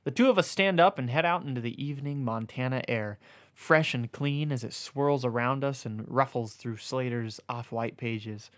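A man reads a comic erotic story aloud in a mid-pitched voice. His delivery stays mostly deadpan, broken by amused asides when he fumbles a word. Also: normal speed. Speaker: reader.

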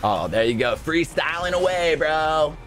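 This gaming-video host keeps a measured pace while soft music plays underneath. He's an excitable man giving live gameplay commentary that veers from calm chatter to high yelps.

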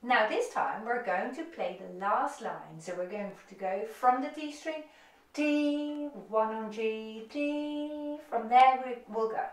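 Woman violin teacher, lively high voice, encouraging, echoey room, a bit off-mic, violin in the background. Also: normal speed, few pauses, distant mic. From United Kingdom. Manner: encouraging, upbeat instructions. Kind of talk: online music lesson. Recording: roomy echo, off-mic, violin playing.

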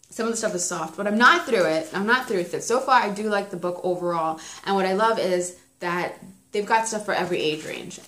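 Chatty young mom in a roomy echo. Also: female voice, lowish voice, bright, forceful tone. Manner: chatty, laughs often, acts out her kids' voices. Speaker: parenting vlogger reviewing a book. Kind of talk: casual chat.

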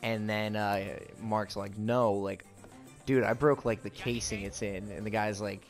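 A young man co-hosting a let's play rambles through a casual story over the gameplay, heavy on fillers and curse words. He speaks a little slowly in a steady, lowish tone, and faint game music plays underneath.

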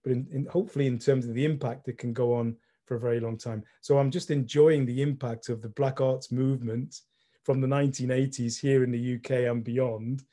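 A middle-aged man, speaking reflectively and softly as a panel speaker on a video call. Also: medium pitch, fairly even intonation, a little fast. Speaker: panel speaker, gallery director. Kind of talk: online panel discussion.

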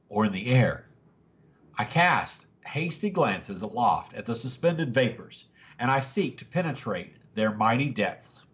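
Brief: male reader, mid pitch, very lively swings, dramatic novel narration. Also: lo-fi sound. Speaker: family story reader. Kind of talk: reading a novel aloud.

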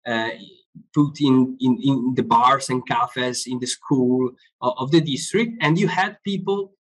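In poor audio, a male author with a mid-range voice takes his time explaining his ideas in a live online interview. He tends to repeat words as he searches for phrasing.

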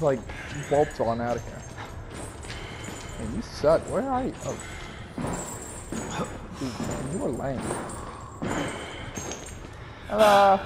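A young let's play gamer with a slightly high voice commentates a horror game amid background noise. He sounds jittery and panicked, cursing and repeating "no, no" and "go, go."

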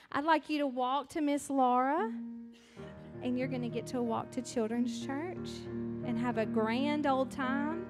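Woman doing a kids' message at church, high voice, talks slow, keeps asking the kids questions. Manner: lively questions to a group of children. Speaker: children's message leader. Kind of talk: children's sermon. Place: church sanctuary.

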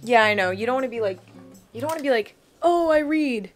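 A woman's voice: on the high side, rapid-fire, a bit bright, soft background music. A young woman vlogging in a casual chat, full of "like" and the odd swear word. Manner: chatty, swearing, lots of "like".

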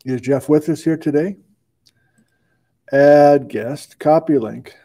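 Cheery guy hosting a live stream, voice a bit higher than most, chatting and reading off viewer shoutouts. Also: takes it slowly. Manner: upbeat, reads out viewer greetings. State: out of breath. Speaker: host. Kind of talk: casual livestream chat.

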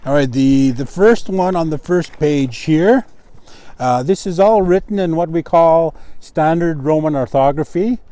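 A man teaching pronunciation of Cree words, slow and patient, repeating each word syllable by syllable. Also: fairly high pitch, dark tone, no room sound. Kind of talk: language lesson.

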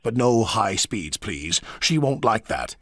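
A man voicing Sir Topham Hatt, a stern, formal railway boss who speaks slowly and commandingly. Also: fairly low pitch, big pitch swings.

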